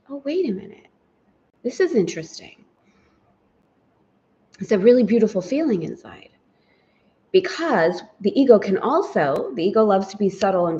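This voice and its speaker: A woman's voice: mid-range voice, warm tone, highs cut off. Reflective woman leading a spiritual lesson. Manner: reflective, voices inner thoughts aloud. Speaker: spiritual teacher.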